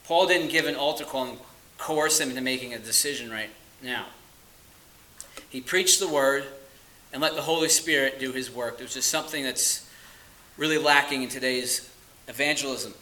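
A man preaching a sermon with a bright, forceful voice. He is earnest and emphatic, leaning slowly on key words and then dropping low. The room around him rings with echo. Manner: earnest, emphatic, with slow stressed phrases and dropping to quiet asides.

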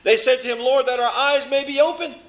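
Preaching a sermon, a man swings between loud emphasis and a low, hushed delivery, slowing down to stress certain words.

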